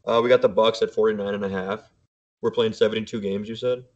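A man's voice: lowish voice, steady tone, fast, a little mellow. A young man co-hosting a podcast, casually reading out betting lines and chatting about basketball. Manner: reads out betting lines, easygoing. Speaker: podcast co-host. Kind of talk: casual sports chat. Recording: dull lo-fi sound.

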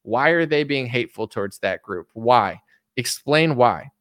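A man's voice: medium pitch, animated, unhurried, fairly bright tone, no echo, clean studio sound. A man giving a casual opinion monologue, rambling with constant fillers. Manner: rambling, heavy use of filler "like". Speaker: political commentator.

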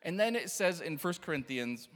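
A man preaching an animated sermon, telling stories, acting out quotes and laughing often. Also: on the high side, normal speed, in a large hall. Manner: excitable, laughing, acts out quotes. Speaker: pastor.

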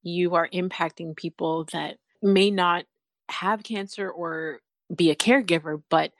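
A woman's voice: fairly low pitch, steady tone, unhurried, no echo. A woman hosting a podcast in casual interview chat, earnest and openly emotional, laughing often. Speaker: podcast host.

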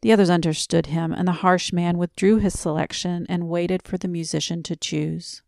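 Soft, gravelly woman reading a sleep story. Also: lowish voice, fairly even intonation, no room sound, clean studio sound. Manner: slow, soft and quiet. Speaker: bedtime story reader. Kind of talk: slow quiet sleep story narration.

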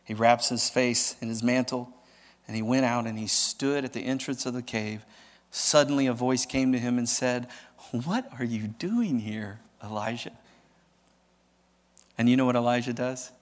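A male pastor preaching a sermon in an animated, dramatic way, often asking the audience questions. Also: mid-range voice, normal speed, long reverb tail.

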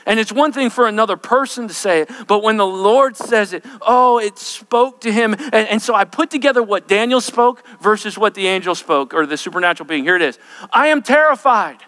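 A man preaching a sermon, swinging between loud, intense lines and hushed, quiet ones. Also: high-pitched, brisk, few pauses.

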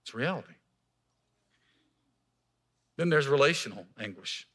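A man preaching a sermon in a church as pastor, emphatic, swinging between raised passages and hushed, quiet lines. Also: medium pitch, expressive, measured pace.

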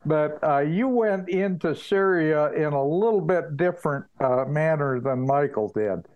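A man's voice: on the high side, lively intonation, measured pace. A man hosting an interview, stepping in to introduce a new guest. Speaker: host. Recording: dull lo-fi line.

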